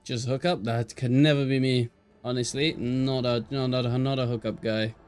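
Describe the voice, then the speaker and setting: A man's voice: medium pitch, fairly even intonation, normal speed, a little mellow, clean tone. A young man with an English Midlands accent, chatting and joking casually as an esports caster on a live stream.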